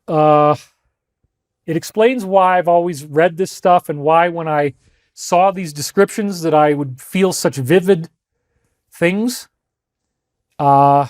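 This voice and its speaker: A man's voice: on the high side, no echo, studio quality. A man hosting a livestream, crying as he speaks emphatically and repeats himself while addressing his listeners as folks. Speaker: host. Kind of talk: emotional livestream monologue.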